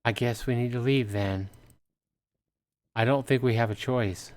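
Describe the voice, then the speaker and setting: A man's voice: mid-range voice, a little slow, darkish tone. A man casually commenting while livestreaming a game and reading its lines aloud. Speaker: gaming livestreamer. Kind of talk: casual let's-play commentary.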